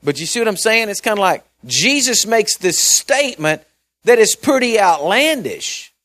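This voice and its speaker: Guy preaching a sermon, a bit high pitched, chatty and folksy, gets loud then drops real quiet. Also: sing-song, normal speed. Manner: conversational, folksy preaching with asides and repeated words; swings between loud emphasis and quiet mumbling. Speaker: pastor.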